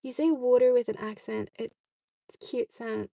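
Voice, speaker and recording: Woman, young adult, vlogger, casual chat, dry close sound, gravelly. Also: on the high side, steady tone, measured pace, mellow, dry recording. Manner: chatty, often checks in with "okay?". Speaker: vlogger answering viewer questions.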